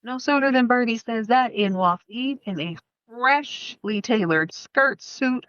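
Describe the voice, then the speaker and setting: A woman's voice: a little high, unhurried, a bit bright, clean tone, no room sound, dull audio. A woman hosting a casual film review podcast, retelling the story in a playful, slangy way with plenty of asides. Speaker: podcast host.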